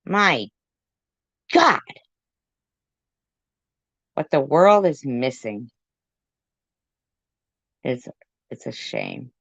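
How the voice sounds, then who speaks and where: A woman's voice: a bass voice, wildly swooping pitch, very slow, creaky, long pauses, fairly bright tone, husky, no room sound. A woman hosting a commentary channel, mocking and sarcastic as she reacts to clips, swearing freely. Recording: dull lo-fi dry sound.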